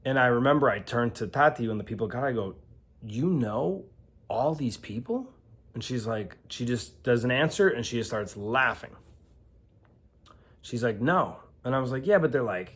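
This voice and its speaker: A man of forty from the American Midwest, telling personal stories in a relaxed, rambling way with asides and fillers. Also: medium pitch. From Milwaukee, USA. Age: 40s. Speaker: vlogger. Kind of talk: casual storytelling to camera.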